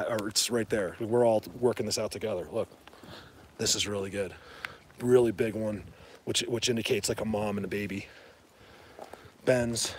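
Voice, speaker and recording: A man hosting a casual livestream from outdoors in the rain, talking excitedly to viewers through a handheld phone as he walks. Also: medium pitch, a little hiss or hum. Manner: rambling, excitable, addresses viewers. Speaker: livestream host. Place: outdoors in woods during rain.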